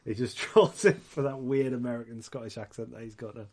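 A man's voice: mid-range voice, fairly quick, a little mellow. A man hosting a podcast in casual chat, rambling, swearing and laughing often. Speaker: podcast host.

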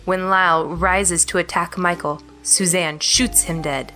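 Low-voiced woman reading a plot recap. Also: fairly even intonation, unhurried, sharp tone, faint music behind. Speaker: podcast co-host.

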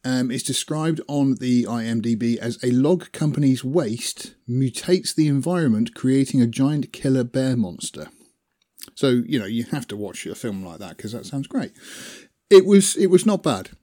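A man's voice: mid-range voice, animated, moderate pace, warm tone. A man chatting casually about films he has watched, rambling with fillers and small laughs. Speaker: film reviewer. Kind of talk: casual film chat.

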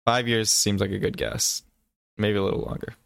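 A man's voice: lowish voice, level tone, normal speed, creaky, clean tone, no room sound. A man co-hosting a casual book podcast, teasing his partner with dry jokes. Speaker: podcast co-host.

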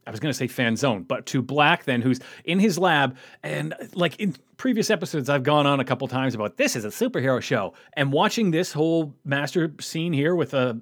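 A man with a slightly high voice co-hosts a casual podcast, recapping a cartoon episode in a loose, joking way. He swears now and then and laughs often. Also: normal speed, few pauses, a bit bright. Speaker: podcast co-host.

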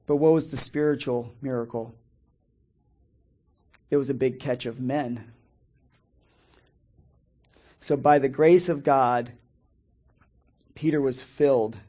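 A man preaching a Bible lesson in a measured way, reading scripture slowly and pausing often. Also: medium pitch, darkish tone, lo-fi sound. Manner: measured, reads scripture slowly with pauses and restarts. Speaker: preacher teaching a Bible study. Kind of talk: sermon-style Bible teaching.

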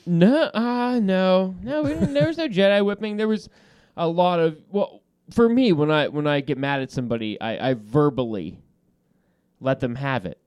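A man's voice: on the high side, normal speed, clean tone, dry recording, studio quality. A man hosting a podcast, telling a heated story with lots of swearing and laughter in casual banter. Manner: animated storytelling with profanity and laughter. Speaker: podcast host.

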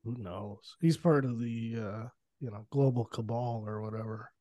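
A man from the United States co-hosting a podcast, an animated and sarcastic storyteller. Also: medium pitch, moderate pace, no room sound, studio quality. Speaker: podcast co-host. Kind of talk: casual chat.

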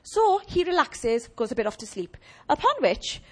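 A woman preaches with a lot of animation, her pitch leaping up and down. Her voice sits a little high and has a husky, breathy edge. She keeps things chatty and joking with the congregation. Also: moderate pace. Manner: animated, humorous, chatty with audience. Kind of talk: lively sermon.

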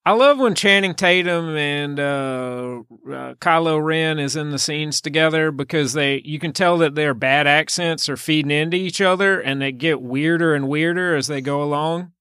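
Man, podcast co-host, casual chat, dry teasing deadpan, somewhat high voice, crisp tone. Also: normal speed, few pauses, dry recording.

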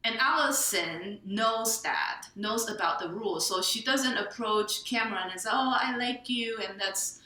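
Woman from Taiwan, bright echoey voice. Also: mid-range voice, measured pace, hardly any pauses. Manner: animated, laughing, tags lines with "right?". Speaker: memoir author, guest. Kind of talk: storytelling in an interview.

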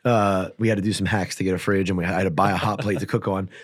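A man's voice: sits low, steady tone, husky. A man chatting casually as an interview guest, telling rambling stories full of fillers. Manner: fast, rambling storytelling with many fillers. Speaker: guest fighter. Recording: audio-only podcast.

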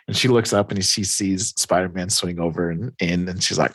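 Low-voiced man animatedly retelling a comic. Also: moderate pace, no room sound. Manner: animated retelling, acts out characters' lines, laughs often. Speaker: podcast host recapping comics. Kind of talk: casual chat.

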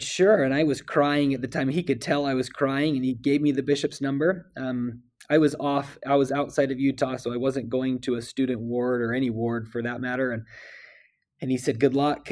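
A man speaks with earnest feeling, often pausing and restarting his sentences. His voice sits in a middle pitch, and he talks like a guest reflecting on scripture in a podcast conversation. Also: darkish tone. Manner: earnest, emotional, halting with restarts. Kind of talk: heartfelt scripture discussion.

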